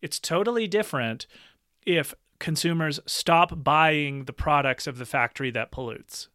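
A man's voice: fairly high pitch, normal speed, bright, forceful tone, no room sound, clean studio sound. A man in a casual podcast conversation, speaking earnestly and thoughtfully, often breaking into a laugh.

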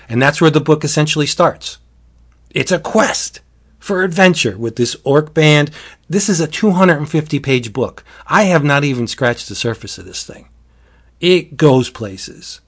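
A man's voice: on the high side, animated, measured pace. Man in casual chat retelling a book, rambling delivery, frequent restarts and laughs. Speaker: book reviewer.

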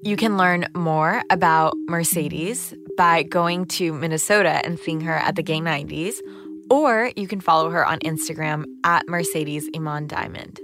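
A woman hosting a podcast, reading a scripted narration in an even, measured way. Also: lowish voice. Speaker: podcast host. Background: music.

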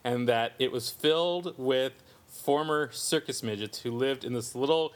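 A medium-pitched, unhurried man co-hosts a podcast, relaxed and conversational. In his forties and from the Southern California desert originally, he's telling a lengthy story he finds funny himself.

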